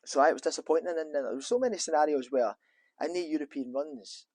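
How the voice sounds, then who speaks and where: A man's voice: a little high, quick pace, a little mellow, no echo. Man chatting in an office interview. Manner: rambling, with frequent restarts and fillers. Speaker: former footballer, interview guest. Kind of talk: casual interview chat.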